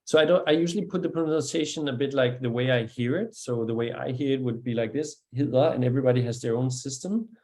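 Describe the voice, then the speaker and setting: A man with a Danish accent gives a patient one-on-one pronunciation lesson, modelling sounds slowly and praising the learner's attempts. His voice is mellow and dark, sitting at an ordinary middle pitch. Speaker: language teacher.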